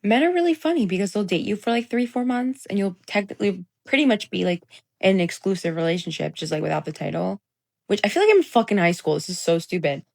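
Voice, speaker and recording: Young woman, casual vlog rant, very animated pitch, sweary and mocking. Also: quick pace, creaky.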